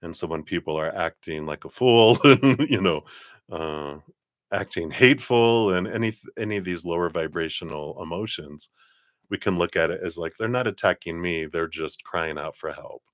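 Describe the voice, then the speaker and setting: A man giving a live tarot card reading in a relaxed, chatty way, often laughing. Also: low-pitched, normal speed, no room sound, clean studio sound.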